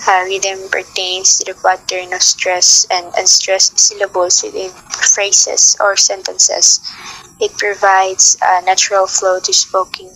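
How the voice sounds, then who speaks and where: Young woman, teacher, gravelly, bright tone, slow delivery, steady with fillers. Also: lowish voice, poor audio. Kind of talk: reading lecture notes.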